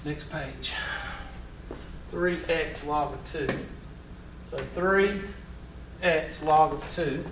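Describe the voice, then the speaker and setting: Very slow and often pausing, a high-voiced Southern man lectures a math class with folksy, joking asides. The recording is noisy, echoey, and distant.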